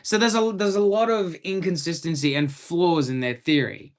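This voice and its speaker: A man's voice: on the high side, fairly even intonation, normal speed. A young man with an Australian accent chatting casually on a live stream from a room at home, rambling in enthusiastic fan commentary.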